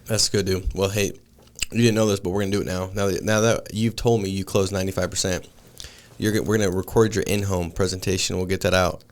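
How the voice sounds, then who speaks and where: A man's voice: sits low, fairly even intonation, fast talker. A man in his thirties hosting a casual podcast chat, laid-back and calling his guest dude and man. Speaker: podcast host.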